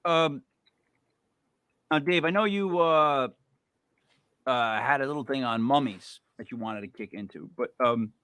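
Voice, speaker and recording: A man's voice: medium pitch, unhurried, long pauses, fairly bright tone, clear, resonant tone, dry recording. A man co-hosting a podcast in playful comedic chat, joking through a list with punchy delivery. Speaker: podcast co-host.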